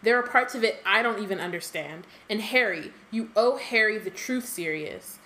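A woman with a middle-pitched voice co-hosts a relaxed book-club podcast. She reads the narration aloud at a steady clip. Between passages she chats and laughs easily. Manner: giggly, chatty, reads narration in a brisk even tone.

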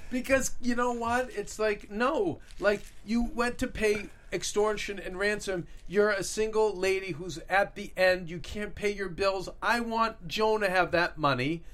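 A man co-hosting a casual recap chat, animated and excitable, acting out what others said. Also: high voice, unhurried, few pauses. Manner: animated, excitable, acts out quotes. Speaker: podcast co-host.

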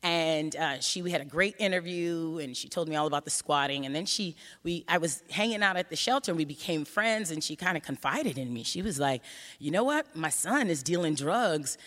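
A woman telling a personal story on stage in an animated way, acting out the voices she quotes. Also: sits low, fairly quick. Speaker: researcher giving a talk. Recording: hall reverb.

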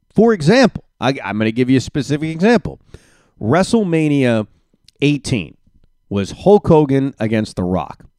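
Male podcast host, mid-pitched, very animated, opinionated ranter, dry close sound. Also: no echo. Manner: opinionated, ranting; animated, emphatic. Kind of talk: solo podcast reaction.

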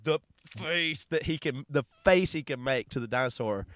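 A man's voice: medium pitch, moderate pace, a bit bright, dry recording. A man co-hosting a casual podcast, teasing the others with mock-earnest jokes. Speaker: podcast co-host. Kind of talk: casual chat.

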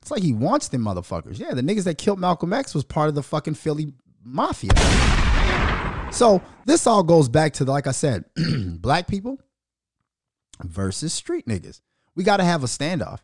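A man's voice: fairly high pitch, huge pitch swings, normal speed, darkish tone, husky, dry recording, studio quality. Fiery, profane male podcast host. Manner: aggressive, profane and venomous. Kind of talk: heated podcast rant.

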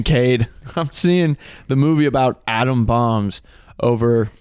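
A man in his twenties co-hosting a podcast, chatting casually, joking and excitable, swearing freely. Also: medium pitch, slow pace, clean tone, no room sound, studio quality. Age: 20s. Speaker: podcast co-host. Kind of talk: casual chat.

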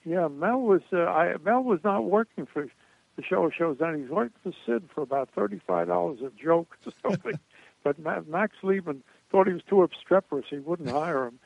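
An older man reminisces with a storyteller's meandering rhythm, dotted with hesitations and restarts. His voice sits a little high for a man and comes through a thin, phone-like line with no room sound at all. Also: expressive, a little fast, gravelly, dry recording. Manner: rambling anecdotes with frequent uh and restarts. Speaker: guest comedian. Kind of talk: storytelling in a radio interview. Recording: tinny dry phone line.

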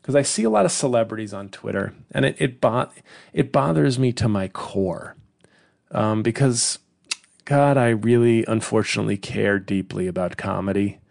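Gravelly rambling comedian. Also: male voice, fairly low pitch, moderate pace, darkish tone, dry recording, clean studio sound. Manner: rambling, profane, sardonic. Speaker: comedian podcast host. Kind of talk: casual solo podcast monologue.

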